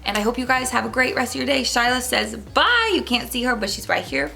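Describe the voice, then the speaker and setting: A woman's voice: on the high side, fairly quick, creaky. A young woman vlogger casually telling a rambling story to her viewers, with lots of fillers. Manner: animated, rambling, with many fillers.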